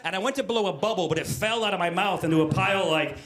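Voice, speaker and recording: A man in his forties tells a long stand-up story into a handheld mic on a live stage. His voice sits a bit high for a man, and he stays animated throughout. He jumps into loud acted-out moments. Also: racing. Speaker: stand-up comedian.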